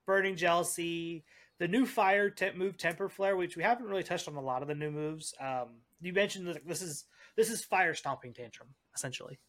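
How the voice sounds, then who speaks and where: A man's voice: high-pitched, a little fast, fairly bright tone. A man co-hosting a podcast, chatting casually about game strategy and dropping joking asides. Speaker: podcast co-host.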